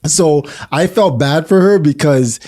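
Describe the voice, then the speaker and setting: A man co-hosting a casual podcast, telling stories expressively and acting out quotes in a squeaky voice. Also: measured pace. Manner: expressive storyteller, acts out quotes in a high squeaky voice. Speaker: podcast co-host.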